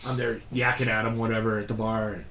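A man, a podcast guest, telling profane bar stories in an animated, casual way. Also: fairly low pitch, fast talker, echoey room, slight background noise. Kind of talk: casual storytelling.

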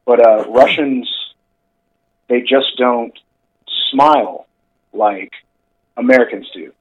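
A man's voice: mid-range voice, slow pace, husky, highs cut off. A man co-hosting a casual chat show, talking in a rambling way with lots of fillers. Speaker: podcast co-host.

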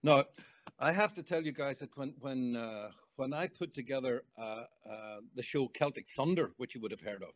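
A man's voice: mid-range voice, normal speed. An older man, a guest songwriter chatting in an interview and telling stories. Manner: chatty, storytelling, warm exclamations. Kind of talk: casual interview chat.

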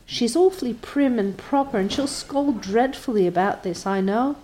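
A woman's voice: fairly high pitch, normal speed, warm tone, slight background noise, pitched above the performer's own voice, natural voice. Woman doing a giddy, gushing young girl. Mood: excited. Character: excitable chatty young girl, best friend.

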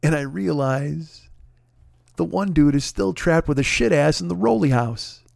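A comedian and show host tells an exasperated, swear-filled story full of rhetorical questions in a profane comic monologue. His voice is on the high side and creaky, with lively intonation and an unhurried pace, recorded at studio quality with no echo.

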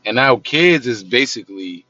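A man in his thirties in casual podcast chat, telling stories with lively acted-out quotes. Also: normal speed, dry recording, muffled recording. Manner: animated storyteller, acts out quotes in a high voice. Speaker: podcast co-host.

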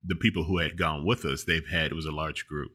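A middle-aged man casually telling a long travel story, animated and laughing often as he talks. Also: very deep voice, a little fast, husky.

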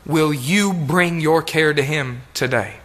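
A man preaching a sermon, reading King James scripture aloud and repeating key phrases for emphasis, sometimes dropping to a soft, low voice. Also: slow pace. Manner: reads King James verses then comments with emphatic repetition; drops to soft, low tones in tender appeals.

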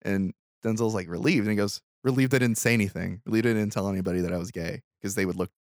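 A man's voice: lowish voice, quick pace, dry recording. Dry-voiced man recapping a movie. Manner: animated retelling, acting out quotes, swearing. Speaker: podcast host. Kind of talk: casual movie recap chat.

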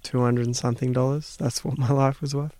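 A laid-back Australian man in his thirties, chatting casually. His delivery stays very even, and his voice sounds clean and smooth. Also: mid-range voice, a little fast, no room sound. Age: 30s. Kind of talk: casual chat.

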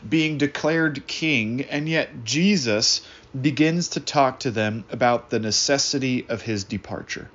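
A man preaching a sermon in an earnest, reflective way, slowing down to stress key words. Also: medium pitch, fairly bright tone, highs cut off. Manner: earnest, reflective, slows down for emphasis. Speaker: pastor.

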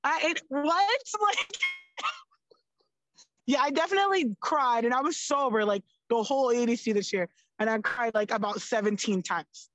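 A woman's voice: a little high, fairly quick, hardly any pauses, no echo, poor audio. A young woman, a podcast guest, chatting casually and animatedly, with lots of "like" and free swearing. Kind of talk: casual chat.

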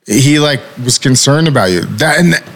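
A man's voice: medium pitch, animated, brisk, fairly bright tone. A man hosting a casual podcast conversation as a company founder, talking intensely, swearing often and firing repeated rhetorical questions.

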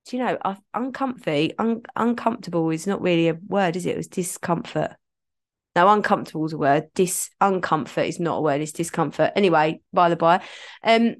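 A woman's voice: lowish voice, brisk. Woman, solo podcast host; chatty, rambling delivery with self-corrections. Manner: chatty, rambling, self-interrupting, laughs at herself.

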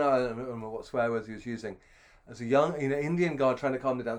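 A man's voice: mid-range voice, quick pace. A middle-aged man telling a long, self-deprecating anecdote with many restarts. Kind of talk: anecdotal storytelling.

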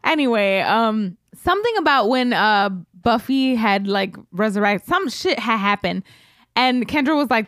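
Casting: a tipsy woman co-host with a fairly high voice, rambling, dry sound. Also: animated, normal speed, fairly bright tone, no room sound. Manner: chatty, rambling, hedging with fillers. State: drunk. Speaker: podcast co-host. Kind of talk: casual drunk chat.

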